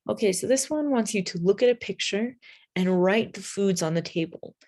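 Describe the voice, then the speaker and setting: Slow, patient woman teaching English. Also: medium pitch, mellow. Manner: slow, patient, spells words letter by letter and checks with "right?". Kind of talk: English lesson for learners.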